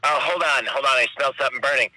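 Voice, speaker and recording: A man's voice: mid-range voice, fast talker, bright, forceful tone. A man on a phone call impersonating a washed-up film actor, speaking in a laid-back, offhand way. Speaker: phone caller in a comedy bit.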